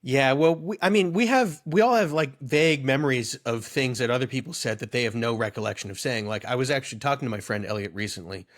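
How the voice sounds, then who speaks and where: A man in his thirties, voice sitting right in the middle of the usual range, chatting loosely as a podcast co-host. He wanders from one anecdote to the next, getting animated and amused as he goes. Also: medium pitch, fast talker, hardly any pauses. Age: 30s. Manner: rambling storyteller, amused and animated. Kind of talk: casual chat.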